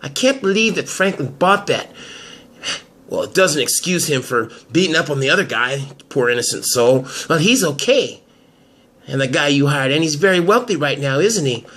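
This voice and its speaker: A man playing a sharp, threatening woman lawyer. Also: a little high, animated, normal speed. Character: sharp, confident woman lawyer, cornering a blackmail target. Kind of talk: amateur soap drama.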